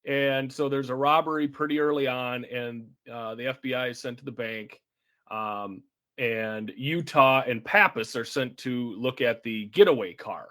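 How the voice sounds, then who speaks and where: A man co-hosting a podcast, recapping a film's plot in a relaxed, chatty way with an occasional chuckle. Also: medium pitch, unhurried. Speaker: podcast co-host. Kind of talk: casual chat.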